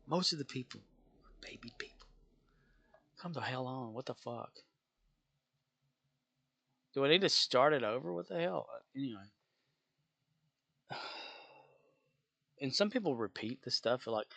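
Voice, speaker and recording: A man's voice: mid-range voice, moderate pace, vocal fry, long pauses, bright, forceful tone. A worn-out man ranting in a rambling, profane way while playing a game, exasperated and chuckling often. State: worn out, low energy. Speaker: gaming streamer venting about work.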